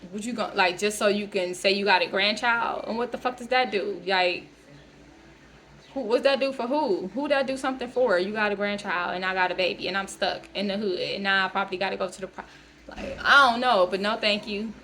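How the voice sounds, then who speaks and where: A woman's voice: mid-range voice, fairly quick, a bit bright, a little hiss or hum. Blunt, profane woman ranting. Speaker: vlogger. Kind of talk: casual rant to camera.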